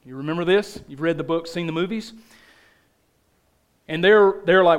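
A man with a thick Southern accent preaching a sermon as a pastor, telling stories with animated emphasis. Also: high-pitched, normal speed, clear, resonant tone.

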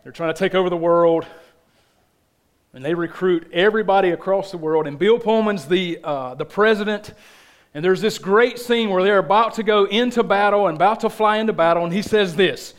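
A man with a thick Southern accent preaching a sermon as a pastor, telling stories with animated emphasis. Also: sits high, normal speed.

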